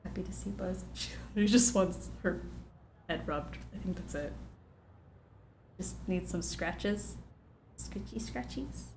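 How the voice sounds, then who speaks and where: A woman's voice: fairly low pitch, takes it slowly, long pauses, a little hiss or hum. Chatty woman streamer, echoey room. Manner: chatty, baby-talks to her dog. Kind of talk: casual gameplay commentary. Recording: echoey room with loud music.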